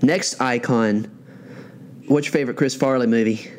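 A man hosting a podcast interview, chatting and telling stories in a lively way. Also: medium pitch, normal speed. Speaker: podcast host. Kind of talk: casual interview chat.

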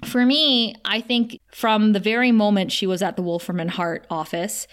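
A woman at mid pitch gushing over a show in a casual chat. She talks in quick bursts, trips over her words, and keeps circling back with "like" and restarts as she recaps the scenes. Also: steady tone. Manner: enthusiastic, chatty, frequent restarts and "like". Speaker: podcast co-host.

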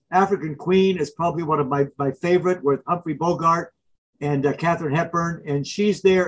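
A man who is an author and professor, answering interview questions as an animated storyteller who acts out film scenes. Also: fairly high pitch, slightly rough, poor audio. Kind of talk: interview guest.

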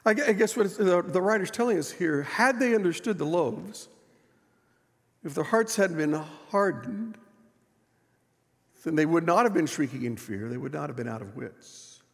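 Middle-aged male pastor, conversational sermon with story asides; slightly high, gravelly voice in an echoey sanctuary. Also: animated, moderate pace. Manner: conversational storytelling, asks the congregation. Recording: echoey church hall.

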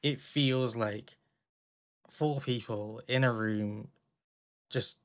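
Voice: mid-range voice, drawn-out words. A co-host of a casual music podcast who teases dryly and restarts sentences often. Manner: dry teasing, hesitant restarts. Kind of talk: casual chat about music.

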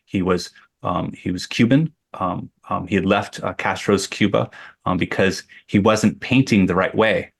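A middle-aged man with a lowish voice tells a long personal story as an interview guest. He rambles and restarts often, circling back as he talks. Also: measured pace, gravelly, slightly rough. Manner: rambling, with many restarts and fillers. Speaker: guest artist. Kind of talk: conversational storytelling.

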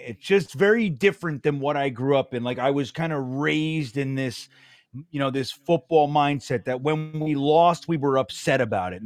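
Sports podcast co-host, male, high-pitched and dry, blunt ranting delivery. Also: dry recording. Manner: blunt, grumpy, swears freely. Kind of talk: casual sports talk.

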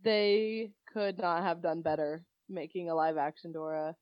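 A woman's voice: on the low side, fairly even intonation, measured pace, no room sound, highs cut off. A woman hosting a casual movie-review chat, gushing and playful and laughing a lot. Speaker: podcast host.

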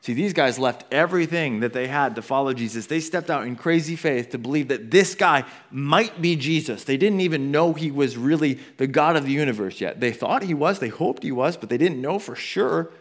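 A pastor preaching a sermon, telling the story animatedly and talking casually to the congregation. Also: male voice, moderate pace, hardly any pauses. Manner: animated storytelling, acting out quotes with big swings in pitch and volume; conversational asides to the congregation.

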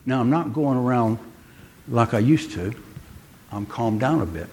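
A man's voice: medium pitch, expressive, a little slow, darkish tone, a little hiss or hum. An older man giving a sermon, telling stories in a chatty way and asking his listeners questions. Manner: chatty storytelling, asks the congregation questions. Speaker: preacher.

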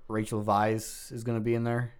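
A man's voice: on the low side, monotone, normal speed, clean tone. A man hosting a casual podcast, laid-back and dry, swearing casually. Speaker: podcast host. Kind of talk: casual chat.

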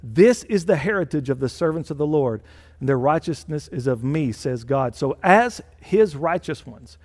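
Emphatic male pastor in a reverberant hall. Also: a little high. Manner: emphatic, repeats phrases for stress. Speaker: senior pastor. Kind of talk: sermon. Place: church.

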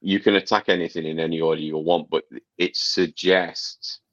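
A man's voice: low voice, steady tone, normal speed, a bit bright, dry recording, lo-fi sound. A man co-hosting a casual gaming podcast, giving long rambling explanations and swearing casually. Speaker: podcast co-host reviewing a game.

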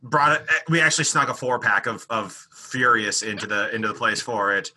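A man's voice: on the low side, brisk, bright, forceful tone, slight background noise. A man co-hosting a casual podcast chat about movies, reflective with jokey asides. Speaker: podcast co-host.

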